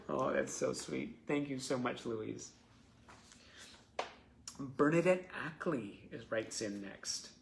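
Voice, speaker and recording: A man's voice: fairly high pitch, creaky. A man hosting a live stream, reading out fan messages and reacting to each one. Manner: reads letters with rising excitement, chuckles between them.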